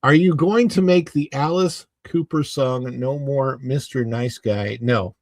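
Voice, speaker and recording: A man's voice: medium pitch, unhurried, dry recording. A man in his forties hosting a live podcast, chatting casually and playfully with his viewers and laughing often. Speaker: livestream podcast host.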